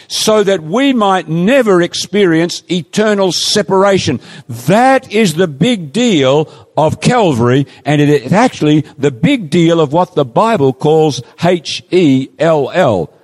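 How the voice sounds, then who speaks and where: A man preaching a sermon, quoting scripture with emphatic, pleading, drawn-out phrasing. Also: fairly high pitch, very animated. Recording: long hall reverb.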